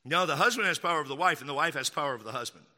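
A man's voice: on the high side, expressive, very fast, pushed and bright, long reverb tail. A man from Texas, a pastor preaching an emphatic sermon, repeating key lines for stress and slipping in mocking asides.

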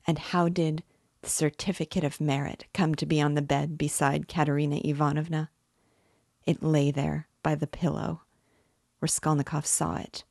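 A woman reads a classic novel aloud as host of a reading series. Her narration is measured and slow. Her voice sits low with a gravelly edge, and the recording is close and dry. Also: darkish tone, no echo. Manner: measured, unhurried literary narration. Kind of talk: audiobook-style reading.

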